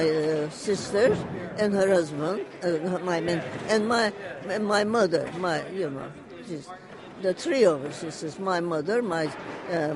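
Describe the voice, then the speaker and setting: A speaker retelling a family story for an oral history interview, in a halting, restarting manner. Lines are relayed one quote at a time, often repeated. A crowd murmurs clearly in the background. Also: medium pitch, low-quality recording.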